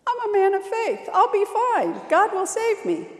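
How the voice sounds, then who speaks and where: A woman's voice: very high voice, very animated, unhurried, reverberant, long reverb tail, voice pushed up, full character voice. A woman acting out a stubborn man of faith who keeps refusing rescue, in a joke told during a sermon. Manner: insistent, repeats himself.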